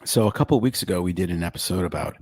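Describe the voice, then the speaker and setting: Man, low voice, physician co-host, chatty, joking explanations, dry close sound. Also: expressive, rapid-fire, a little mellow, breathy edge, dry recording. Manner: chatty, explains medical terms with playful jokes. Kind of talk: casual podcast chat.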